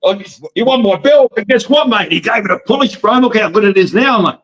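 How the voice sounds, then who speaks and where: Australian man, brash wrestling promoter, high bright voice, dull lo-fi sound. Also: expressive, brisk. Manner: calls everyone mate, loud and cocky. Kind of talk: brash boastful banter.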